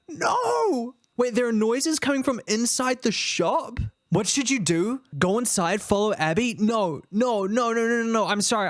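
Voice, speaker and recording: A young man streaming a game, giving excitable, swearing play-by-play reactions. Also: sits high, no echo, clean studio sound. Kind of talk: casual gaming commentary.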